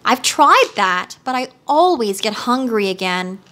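A woman voicing a huge, gentle male tiger who is always hungry, speaking slowly in a storybook reading. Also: a little high, big pitch swings, exaggerated voice. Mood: mournful. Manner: slow and drawn out.

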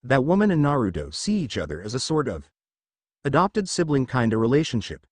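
Brief: man voicing relaxed teasing ninja teacher, animated storybook read, dry. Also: medium pitch, brisk, no echo. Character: laid-back male ninja teacher, joking smoker. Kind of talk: storybook reading.

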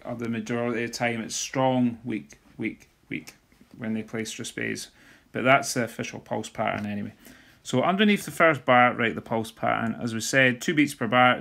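A man's voice: mid-range voice, steady tone, moderate pace, gravelly. A man, teaching drumming theory in a screen-recorded walkthrough and talking as he writes. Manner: talks while writing, sings drum rudiments softly.

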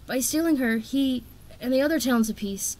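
A nervous young male dragon who stammers and repeats his words, pitched high and hurried, as a woman reading a storybook puts him on. He sounds bookish and unsure. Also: darkish tone, close to an everyday voice, rough recording.

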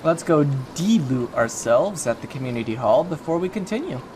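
Chatty, jokey male gamer, slightly high voice. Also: animated, moderate pace, background noise. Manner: chatty, jokey, talks to himself while playing. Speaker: gaming YouTuber. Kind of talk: casual let's-play commentary.

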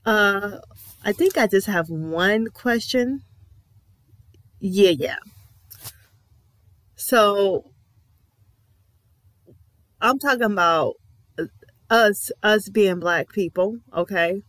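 Earnest woman vlogger reacting to a show, slow and deliberate, dry close sound. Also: mid-range voice, a bit bright, no room sound. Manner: earnest, emphatic, speaks in repeated affirmations. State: emotional. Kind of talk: reflective reaction commentary.

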